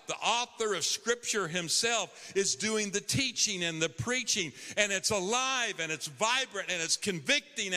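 Guy preaching a sermon, kinda high voice, big echoey church sound. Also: bright, forceful tone. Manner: emphatic preaching, rising on key phrases. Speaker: pastor. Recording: long hall reverb.

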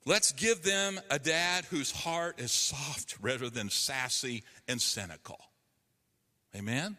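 Man preaching in church, bright ringing voice, big reverby hall, pushes hard then asks the crowd to answer back. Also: medium pitch, takes it slowly. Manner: emphatic preaching with call-and-response. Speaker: pastor. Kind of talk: sermon.

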